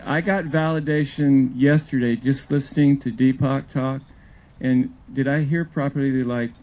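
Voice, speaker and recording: An older man with a gravelly, mellow voice spins folksy, humorous stories about his coaching days. He talks to a live audience at an event, on a wireless mic. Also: medium pitch, poor audio. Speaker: former pitching coach giving a talk. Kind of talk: storytelling talk at a live event. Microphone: clip-on or wireless event mic.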